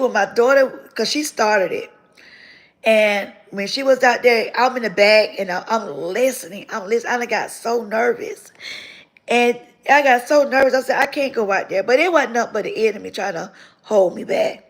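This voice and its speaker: A woman tells her own story to her viewers. Her voice sits slightly high, with a gravelly edge. She speaks with animated, repeating emphasis. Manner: animated storytelling, repeats phrases, grows tearful. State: tearful near the end. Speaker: channel host telling her story. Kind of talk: emotional testimony to viewers.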